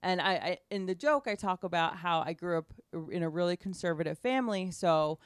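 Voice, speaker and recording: A woman podcast host telling a story in a chatty, animated way. Her voice sits a bit low and sounds smooth. It is recorded close and dry. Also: a little fast, no echo. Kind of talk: casual podcast conversation.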